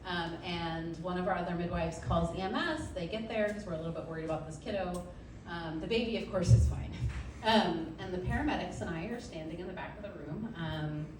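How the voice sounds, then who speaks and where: A woman's voice: fairly low pitch, background noise. A woman midwife telling funny stories to a live audience, chatty and laughing often, with lots of ums. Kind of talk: stand-up storytelling. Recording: roomy, distant mic, loud ambience.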